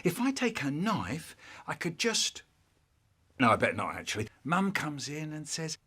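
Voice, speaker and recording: A man telling a comic childhood story in an animated way, acting out voices. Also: fairly high pitch, unhurried, slightly rough.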